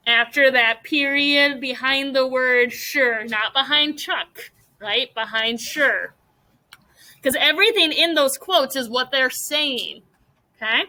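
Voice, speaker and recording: Bright high-voiced woman teacher. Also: takes it slowly, poor audio. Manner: patient, guiding questions to students. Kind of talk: classroom mini lesson.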